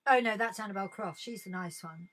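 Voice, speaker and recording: A woman's voice: mid-range voice, fairly quick, fairly bright tone, slight background noise. A middle-aged woman hosting a live-streamed comedy chat from home, taking calls with bawdy, sardonic, swearing banter into a webcam.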